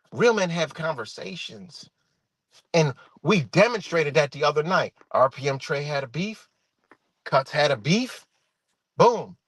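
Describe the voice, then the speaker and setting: Man, middle-aged, profane livestream rant, animated swings in pitch, dry close sound. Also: no room sound. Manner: animated, swearing, addresses viewers as y'all.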